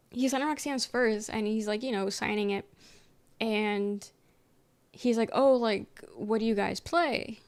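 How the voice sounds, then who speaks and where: A young woman streamer casually rambling through a story, full of fillers and quoted back-and-forth. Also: mid-range voice. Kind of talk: casual chat.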